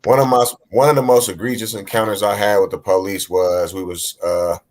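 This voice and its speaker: Low-voiced man telling a story. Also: fairly even intonation, fairly quick, a little mellow. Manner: plain storytelling with many fillers. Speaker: panel guest. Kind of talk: casual discussion, personal story.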